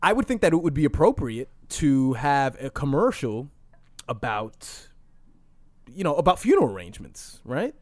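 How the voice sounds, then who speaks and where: Crude, rambling podcast host. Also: male voice, mid-range voice, sing-song, normal speed, no room sound. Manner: rambling, crude, laughs often. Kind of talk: casual podcast chat.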